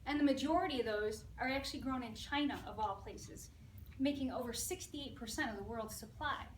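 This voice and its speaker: A woman's voice: on the high side, a little fast, a little hiss or hum. A woman student giving an informative class speech in a chatty, upbeat, jokey manner. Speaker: student speaker. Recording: echoey room from far off.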